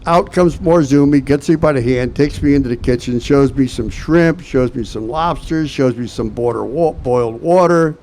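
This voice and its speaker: An older man giving a hall of fame induction speech, telling an animated story and acting out the voices in it. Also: medium pitch, moderate pace, hardly any pauses, slight background noise. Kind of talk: anecdotal speech.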